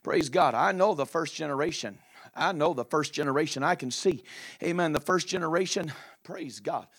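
A man preaching a sermon in a fiery manner, shouting drawn-out phrases with frequent filler uhs. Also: a little high.

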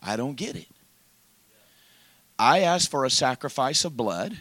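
A preacher voicing God, low and stern. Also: male voice, big pitch swings, no echo. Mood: aggrieved. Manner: slow, aggrieved, quietly rebuking. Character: God, stern and wounded, questioning a man.

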